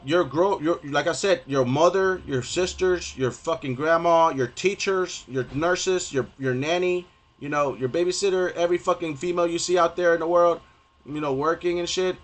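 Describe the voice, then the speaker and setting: A man's voice: a little high, fairly bright tone. A young man ranting on a gaming stream, profane and rambling, stumbling over restarts and repeating himself.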